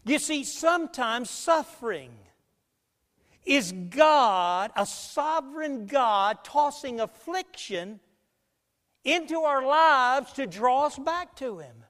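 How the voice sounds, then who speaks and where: High-pitched guy preaching, gets loud then drops way down, long hall echo. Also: animated, takes it slowly. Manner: emphatic preaching with big swings in loudness and pace. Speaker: pastor. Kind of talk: sermon.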